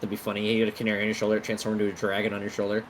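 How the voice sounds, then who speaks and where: A man's voice: on the low side, monotone, racing, very noisy. A man running a tabletop game as game master, bantering casually and laughing often.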